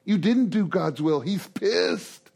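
A man's voice: sits high, slow pace, vocal fry, breathy edge, pitched above the performer's own voice, heavily acted. A man voicing an indignant male prophet who scolds a king in a retold story. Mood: scolding. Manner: sharp, incredulous.

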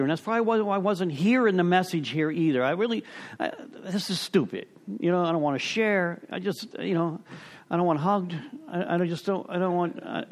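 A middle-aged man tells his story to a recovery group. He rambles, stops himself mid-thought and chuckles at his own words. His voice sits a little high for a man and swings widely up and down. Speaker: speaker sharing at a recovery meeting. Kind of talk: personal story share to a group.

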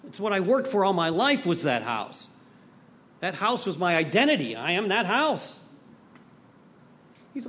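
A man's voice: sits high, big pitch swings, unhurried, pauses often, a bit bright, a little hiss or hum. A middle-aged man giving a personal recovery talk at a meeting. He tells stories bluntly, with some swearing, and acts out the voices of people he quotes. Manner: blunt, profane storytelling.

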